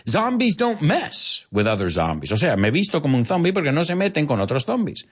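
A man teaching English to Spanish speakers, animated, explaining and repeating words as he goes. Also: on the high side, quick pace, breathy edge. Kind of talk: bilingual language lesson.

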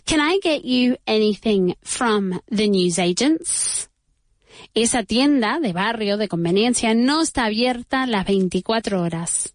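A woman teaching a beginner English lesson to Spanish speakers, moving between the two languages and repeating model phrases slowly and carefully. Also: on the high side, animated, dry recording. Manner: slow, exaggerated repetition of model phrases.

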